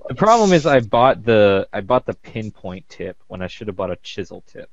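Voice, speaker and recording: A man's voice: fairly low pitch, sing-song, moderate pace, no room sound, highs cut off. A man in casual chat explaining tools in a matter-of-fact way.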